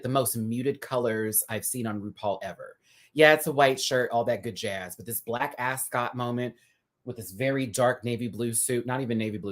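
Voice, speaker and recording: A man hosting a casual live review. He talks in a sassy, chatty way, full of drag slang and quick laughs. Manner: laughs often, dramatic pitch swings. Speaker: host reviewing a TV episode live.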